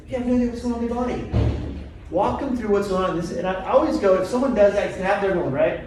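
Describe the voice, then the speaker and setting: A middle-aged man, a chiropractor teaching a live seminar, who keeps quizzing his audience with quick questions. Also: sits high, lively intonation, darkish tone. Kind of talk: live seminar talk to a group. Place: seminar room. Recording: very echoey room, from far off, faint noise.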